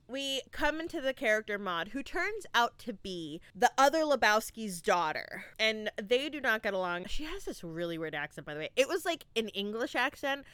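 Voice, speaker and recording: A woman hosting a casual movie review podcast, chatty and animated, peppering her talk with "like" and swearing freely. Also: fairly high pitch, normal speed, smooth, dry recording. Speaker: podcast host.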